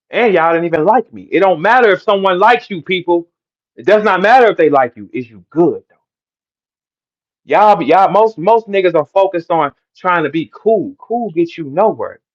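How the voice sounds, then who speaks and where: A man's voice: sits high, muffled recording. A middle-aged man with a St. ranting on a livestream, preachy and profane, lecturing his listeners. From St. Louis, Midwest US. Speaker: battle rapper ranting to listeners. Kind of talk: heated livestream rant.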